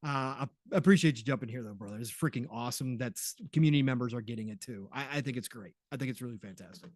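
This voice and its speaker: A man's voice: medium pitch, quick pace, darkish tone, dry recording, clean studio sound. A man co-hosting a gaming podcast in casual chat, teasing and laughing often. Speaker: podcast co-host.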